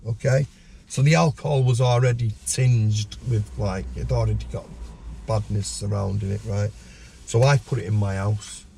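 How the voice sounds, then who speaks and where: A man talks through a gritty tale as a podcast guest. His voice sits mellow and dark, and he flicks sharply upward when he plays out other people's words. A faint hiss runs underneath. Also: vocal fry. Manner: animated storyteller, acts out voices with sudden high pitch. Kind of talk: storytelling in a podcast interview.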